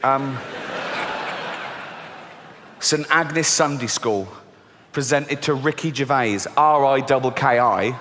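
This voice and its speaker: A middle-aged English comedian performs stand-up before a theatre audience, swearing a lot as he bluntly tells stories and puts on squeaky high voices for kids. He takes it slowly and pauses often, and the live recording has noisy background and long reverb from the hall.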